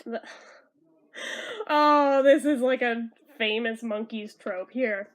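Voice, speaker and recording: A young woman with a high voice chats through a comic as a fan. She is animated and swears freely between the panels. She reads the characters' lines in a plain, offhand voice. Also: slow pace. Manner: animated, swearing, laughing asides. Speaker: fan reviewer reading a comic aloud. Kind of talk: casual comic read-through.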